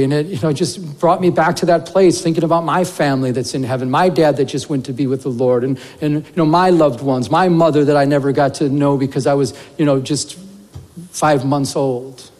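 A man's voice: a little high, darkish tone. A man preaching a sermon as pastor, talking earnestly and conversationally, with many fillers and repeated words. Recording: long hall reverb.

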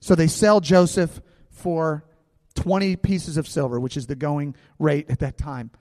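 A man preaching a sermon to his congregation, telling stories with lively asides and quick character voices. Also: fairly high pitch, no room sound, clean studio sound, long reverb tail. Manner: animated storytelling, acting out characters. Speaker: pastor.

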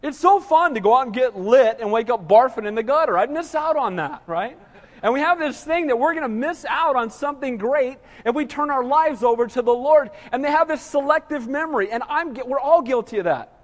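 A pastor with a notably high voice delivers a sermon in a chatty, joking way, firing rhetorical questions at his congregation. His voice rings out with a long reverb, as though in a large church sanctuary. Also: lively intonation, fairly quick. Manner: conversational preaching with rhetorical questions and humor.

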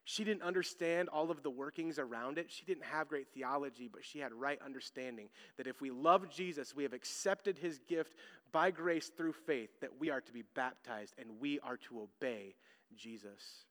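A man in his thirties, a pastor preaching a sermon, telling stories with loud emphasis and hushed asides. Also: medium pitch, normal speed, in a large hall.

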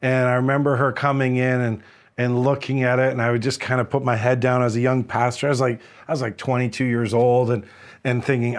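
A man's voice: mid-range voice, level tone, fairly quick. A man preaching a sermon as a pastor, telling a story in an earnest way, often restarting and repeating words.

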